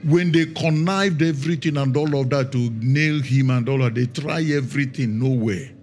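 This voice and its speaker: A man's voice: mid-range voice, darkish tone, faint music behind. A middle-aged man, a pastor preaching a sermon and telling stories, stressing words and drawing them out. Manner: storytelling, emphatic with drawn-out words.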